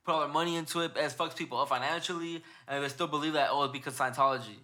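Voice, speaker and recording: A man's voice: fairly high pitch, steady tone, very fast, sharp tone. A young man hosting a podcast in casual chat, rambling and swearing as he retells stories. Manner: rambling, profane, retells stories with put-on quotes. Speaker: podcast host.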